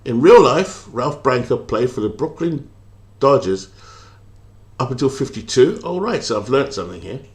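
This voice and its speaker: A man's voice: medium pitch, very animated, normal speed, a little mellow. A British man streaming a baseball simulation, chatting casually, thinking aloud and reading out viewer comments, with lots of hesitant fillers. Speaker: game streamer.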